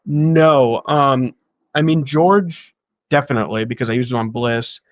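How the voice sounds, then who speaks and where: A guest filmmaker tells casual, profane anecdotes from making his films, talking fast and acting out the people he quotes. His voice is medium in pitch, and the recording is dry.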